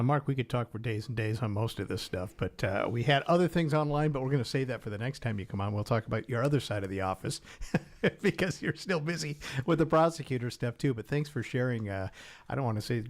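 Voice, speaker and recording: A man's voice: medium pitch, vocal fry. A man hosting a local radio talk show, upbeat as he wraps up an interview. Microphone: studio microphone.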